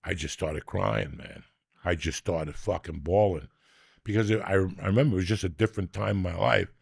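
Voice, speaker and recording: Gravelly older man, profane storyteller. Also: low-pitched, normal speed, a little mellow, dry recording, studio quality. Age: 60s. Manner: profane, rambling, teasing storyteller. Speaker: podcast host. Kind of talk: casual chat and storytelling.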